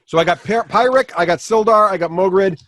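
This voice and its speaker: A man's voice: sits high, a little fast, a bit bright. A man running a tabletop game as game master, rambling with many fillers and restarts.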